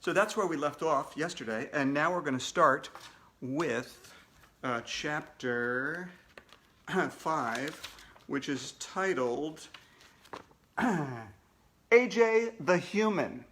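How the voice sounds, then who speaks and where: A man's voice: fairly high pitch, expressive, extremely slow, long pauses, a bit bright, a little hiss or hum. A man, a children's author, reading his own storybook aloud to kids in a playful way with jokey asides.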